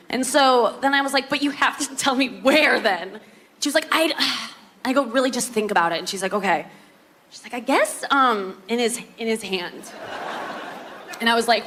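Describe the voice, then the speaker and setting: A woman's voice: on the high side, animated, moderate pace, sharp tone, a little hiss or hum. A woman performing a stand-up comedy set on stage, chatty and confessional, with lots of fillers.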